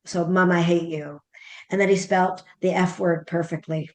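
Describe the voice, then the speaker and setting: A woman's voice: on the low side, level tone, normal speed. A middle-aged woman, a parenting author guest, telling a story animatedly and acting out the dialogue. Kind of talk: conversational storytelling interview.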